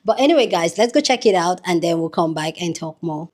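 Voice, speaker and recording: A woman's voice: on the low side, animated, a little fast, a little mellow. A woman hosting her own channel, chatting upbeat and straight to her viewers. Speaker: vlogger host. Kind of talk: casual commentary.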